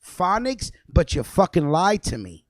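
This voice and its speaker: A man's voice: high-pitched, huge pitch swings, unhurried, dry recording. A young man hosting a radio show, delivering a fiery, profane, repetitive freestyle rant.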